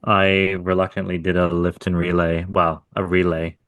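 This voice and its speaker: Very deep-voiced man, laid-back swearing. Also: level tone, moderate pace, fairly bright tone, smooth, no room sound. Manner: laid-back, profane storytelling. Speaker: podcast co-host, hardscape contractor. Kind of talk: casual chat.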